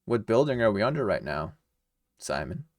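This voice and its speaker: A man's voice: lowish voice, very animated, normal speed, darkish tone, no echo, clean studio sound. A man voicing a courteous, laid-back male adventurer. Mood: polite.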